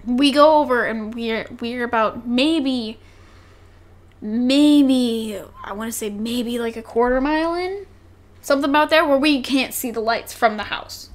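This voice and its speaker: A young woman co-hosting a podcast, telling a story in a casual, animated way, laughing and swearing freely. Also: on the high side, measured pace. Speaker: podcast co-host.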